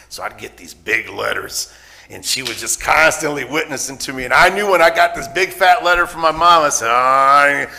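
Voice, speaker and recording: A middle-aged man giving his testimony to a church congregation, speaking frankly and haltingly, often repeating words before he finds the thread. His voice sits fairly low with a gravelly rasp and a bright, forward edge.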